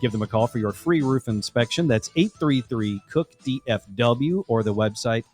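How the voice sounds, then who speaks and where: A man's voice: medium pitch, lively intonation, moderate pace, darkish tone, soft background music. A man hosting a podcast, chatting casually with dry teasing remarks and reading a sponsor message. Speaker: podcast host. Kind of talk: casual chat and read ad.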